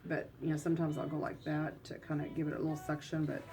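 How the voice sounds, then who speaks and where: A woman with a Midwestern American accent talks casually as she works as a colon therapist. Her voice sits a little low, and she tells long stories, acting out what other people said. She talks like someone chatting with a client. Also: completely flat delivery, fast talker, a little mellow. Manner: chatty storyteller, acts out quotes. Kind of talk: casual chat during a session.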